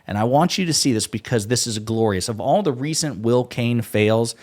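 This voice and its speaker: A man hosting a political commentary video, talking in a mocking, animated way and mimicking the people he criticizes. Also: mid-range voice, moderate pace.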